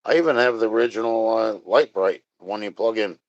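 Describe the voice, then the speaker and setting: A man with a low voice chats loosely on a live stream, rambling from one thing to the next and joking with his chat. The sound is dry and close, with a dull, lo-fi tone. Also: fairly quick, no echo.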